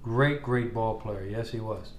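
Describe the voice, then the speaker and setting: Casting note: man with a mid-range voice, lively storyteller co-host, roomy echo and faint hiss behind. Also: lowish voice, measured pace. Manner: animated storyteller who acts out quoted voices. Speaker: podcast co-host. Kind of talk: casual chat. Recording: echoey room with faint background noise.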